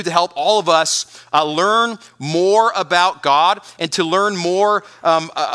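A man's voice: a little high, sharp tone. A man preaching a sermon as pastor, earnest, often repeating words and restarting.

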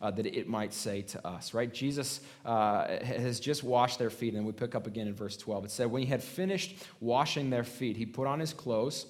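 A man preaching a sermon in a conversational way. He often asks "right?" and restarts his words, rising to stress a point. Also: medium pitch. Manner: conversational preaching, frequent "right?" tag questions; restarts and stammered repeats, emphatic rises. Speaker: pastor.

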